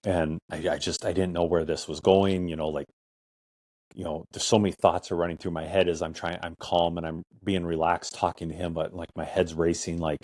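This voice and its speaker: A man's voice: low-pitched, fairly even intonation, moderate pace, darkish tone, no room sound, clean studio sound. A middle-aged man hosting a podcast, telling a personal story in a casual, rambling way full of "I'm like" and "or whatever". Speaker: podcast host.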